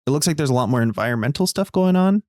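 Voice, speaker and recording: A man's voice: a little high, expressive, quick pace, darkish tone, no room sound, studio quality. A man hosting a casual talk show, rambling with fillers and restarts. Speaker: podcast host. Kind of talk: casual chat.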